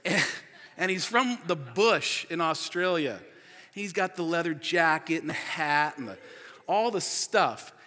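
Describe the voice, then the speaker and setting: A man in his forties preaching a sermon as pastor, energetic and chatty, laughing often and full of filler words. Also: a little high, unhurried. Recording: long reverb of a large hall.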